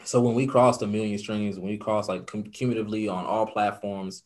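A man's voice: on the low side, little pitch movement, brisk, a little mellow. A young man talking earnestly as an interview guest, reflective and full of fillers. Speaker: guest, podcaster and radio host. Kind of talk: casual interview talk.

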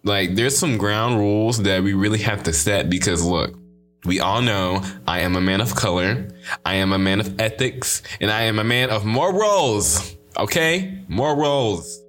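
A man's voice: on the low side, normal speed, a bit bright, faint music behind. Playful slangy young man hosting a podcast. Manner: playful, slangy, repeats phrases for emphasis. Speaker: podcast host. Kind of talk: casual podcast monologue.

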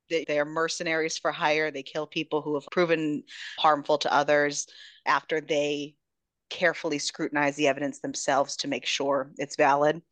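A woman podcast host retelling a book in a casual, animated way, dropping into character voices. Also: sits low, no echo. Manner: animated storytelling, jumps into characters.

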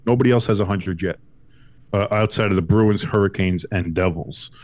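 A man co-hosting a casual sports podcast from home, talking in an animated, profane way and mocking others in high put-on voices. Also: moderate pace, no room sound. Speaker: podcast co-host.

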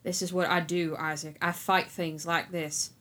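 Woman reading as a remorseful man who wields magic, slow, stern, low, soft. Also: level tone. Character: weary, guilt-ridden male sorcerer, grown man.

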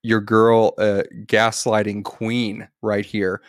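A man with a low voice co-hosts a relaxed film podcast. He rambles through his points with loose restarts and breaks into laughter. The sound is dry and close, with no room echo. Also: slow pace. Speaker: podcast co-host. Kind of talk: casual movie review chat.

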